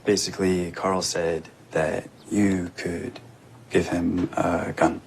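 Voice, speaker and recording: Brief: a hesitant stranger, very low voice, slow, halting. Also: male voice, level tone, gravelly, a little hiss or hum, exaggerated voice.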